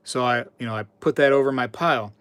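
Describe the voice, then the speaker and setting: A man chatting on a live stream at a middle pitch, talking loosely and repeating his words as he reads the chat and tells a story. His voice is close and dry, with no room sound around it. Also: fast, a bit bright, clean tone, dry recording. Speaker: livestream host.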